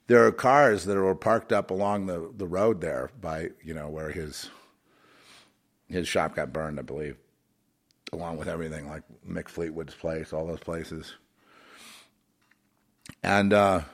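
A man talking in an emotional, rambling monologue, full of fillers and restarts, swinging between raised and muttered lines. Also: low voice.

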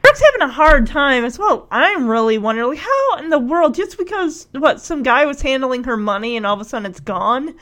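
A woman's voice: high voice, big pitch swings, a little fast, hardly any pauses, a bit bright. A woman hosting a casual recap chat, talking in a chatty, sarcastic way and laughing often.

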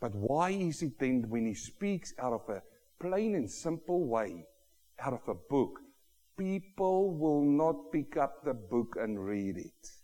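A man preaching a sermon, swinging from quiet asides to loud, drawn-out emphasis. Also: medium pitch, sing-song. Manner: dramatic swings from soft to loud, slows for emphasis. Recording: long reverb of a hall.

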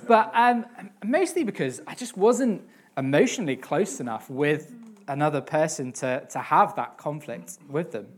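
A young man giving a sermon on a psalm, reading scripture earnestly and then talking it through with many pauses, fillers and repeated words. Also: on the high side, slight background noise. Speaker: preacher.

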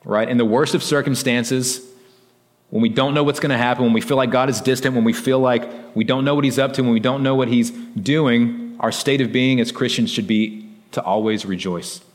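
A pastor's middle-pitched voice echoes with long hall reverb as he delivers a sermon at normal speed. His tone is relaxed and conversational, with frequent "like" and "right?" directed at the congregation.

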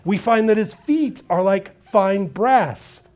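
Preaching a sermon on scripture, a man with a high voice speaks slowly. He moves from steady teaching to loud, emphatic peaks, repeating words when he restarts.

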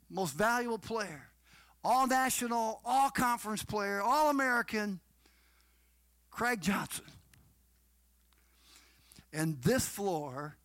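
A man's voice: a little high, dry recording. Fervent middle-aged man testifying. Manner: fervent, repeats phrases for emphasis, addresses listeners directly; swings from soft murmurs to loud proclamations. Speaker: guest sharing a personal testimony. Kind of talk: emotional storytelling testimony.

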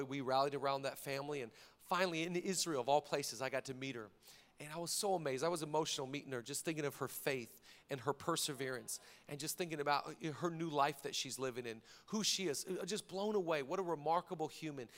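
A man preaching a sermon as pastor, moving from hushed, intimate stretches to loud emphatic lines and acting out quoted dialogue. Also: fairly high pitch. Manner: acts out dialogue in quoted voices.

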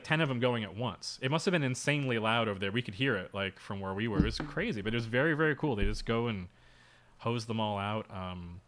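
A man's voice: on the low side, fairly bright tone. A young man co-hosting a podcast, telling a story in a loose, rambling way with lots of fillers and asides. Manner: rambling, filler-heavy storytelling with frequent laughs. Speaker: podcast co-host. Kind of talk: casual chat.

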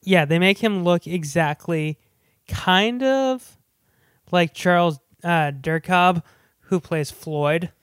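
Give me a podcast co-host chatting casually about films. The talk is eager and rambling, full of restarts and asides. The voice is smooth and the recording is close and dry. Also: mid-range voice, slow, no room sound. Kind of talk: casual movie chat.

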